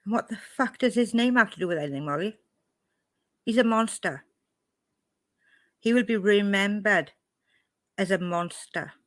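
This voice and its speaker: A Welsh woman hosting a reaction video grows upset and indignant over a clip she has just played for her viewers, responding angrily and confrontationally. Her mid-range, fairly bright voice moves at normal speed with frequent pauses, and there is no room sound.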